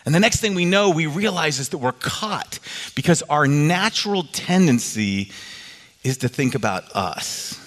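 Man preaching in a reverberant hall. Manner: animated, rises in pitch for quoted voices. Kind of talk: sermon with storytelling. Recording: long reverb of a large hall.

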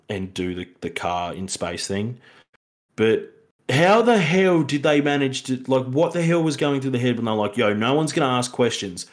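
Rambling man, somewhat low voice. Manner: animated, rambling, acts out quoted lines. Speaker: podcast co-host. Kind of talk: casual film review chat.

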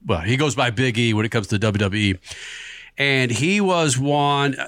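A man hosting a sports talk show, playful and quick to laugh. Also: mid-range voice, dry recording, studio quality. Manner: laughs easily, lively and playful. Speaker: sports radio host.

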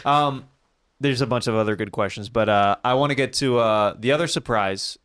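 A man's voice: on the low side, a little fast, a bit bright, smooth, dry recording. Young male host, upbeat and playful, dry and close. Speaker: podcast host. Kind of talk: casual chat.

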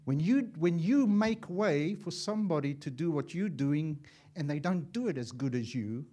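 A man preaching a sermon as an evangelist, impassioned and swinging from loud to hushed, acting out little dialogues as he tells stories. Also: a little high, lively intonation, normal speed. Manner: acts out dialogue in storytelling.

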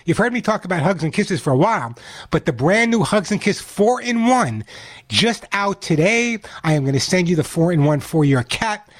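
Energetic high-voiced male radio host. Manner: energetic, chatty, repeats phone number slowly. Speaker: radio pet show host. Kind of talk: call-in radio advice.

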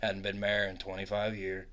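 A man on a podcast improvising a crude comedy story in deliberately broken grammar, laughing along. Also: low voice, completely flat delivery, sharp tone. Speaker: podcast co-host.

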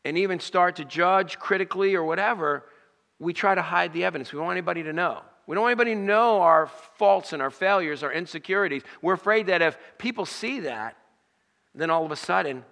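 High, bright-voiced man preaching in a hall. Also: creaky. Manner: preaching with rising emphasis and acted quotes. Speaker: pastor. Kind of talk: sermon.

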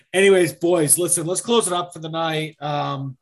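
A man hosting a podcast in casual chat, his voice sitting a little high. He keeps up joking, profane banter with his co-hosts. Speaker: podcast host.

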